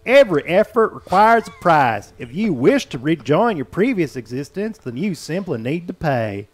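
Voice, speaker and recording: A man voicing a grandiose male guardian of time in a put-on Southern drawl, speaking slowly and theatrically as he reads game dialogue. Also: a little high, big pitch swings, voice pushed up. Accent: American Southern drawl, put on. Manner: slow, grand, theatrical proclamation. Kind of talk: mock reading of game dialogue on a livestream.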